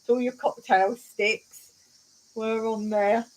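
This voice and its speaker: Slow, giggly woman hosting a live stream. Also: fairly high pitch, little pitch movement, poor audio. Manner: giggly, tells jokes and reads viewer comments aloud. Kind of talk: casual live stream chat.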